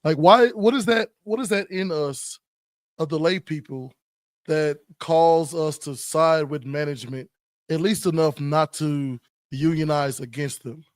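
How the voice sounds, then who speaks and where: A man's voice: on the high side, measured pace, dry recording, clean studio sound. Folksy American podcast host, man. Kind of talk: casual interview chat.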